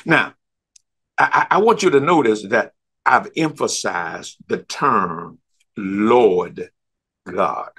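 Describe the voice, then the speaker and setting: Emphatic, husky-voiced man teaching Bible study. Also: fairly low pitch, expressive, a bit bright. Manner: emphatic, repeats words and stumbles on restarts; stretches key words slowly for emphasis. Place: church.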